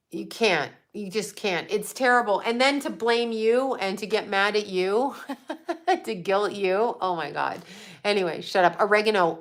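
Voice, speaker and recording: A woman's voice: mid-range voice, a bit bright. A middle-aged woman hosting a casual livestream, answering viewer comments bluntly and swearing freely. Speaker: psychic livestream host.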